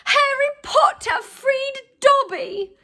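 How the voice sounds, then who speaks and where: A woman voicing a small, fiercely loyal male house-elf with a shrill, squeaky voice. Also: slow, pushed and bright, heavily acted. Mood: overjoyed.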